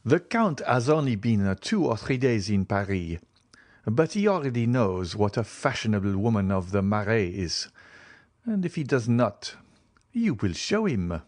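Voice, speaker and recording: A man's voice: on the low side, big pitch swings, normal speed, a little mellow, no room sound. A man voicing a cheerful young man who proudly tells a guest about his family, in an eager storytelling way.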